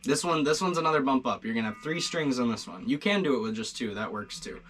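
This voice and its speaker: A man's voice: mid-range voice, fast, slight background noise. Laid-back, encouraging male guitar teacher. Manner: relaxed, encouraging, rambling with fillers. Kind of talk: casual video lesson.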